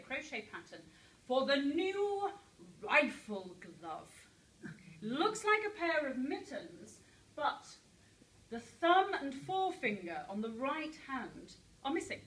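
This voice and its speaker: A woman with a fairly high voice gives a chatty, humorous public talk and speaks straight to her listeners. Her voice rings around a roomy library hall and comes from some distance away, with a faint murmur of room noise underneath. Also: bright, forceful tone. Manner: chatty, humorous, addresses the audience directly. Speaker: public speaker on women's history. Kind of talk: lively lecture to a live audience. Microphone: far from the speaker. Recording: roomy hall, heard from far off.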